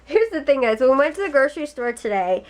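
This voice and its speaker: A woman's voice: high voice, very animated, fast talker. A young woman vlogging casually to her viewers, rambling with lots of fillers, her nose stuffy from a cold. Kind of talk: casual vlog chat to camera.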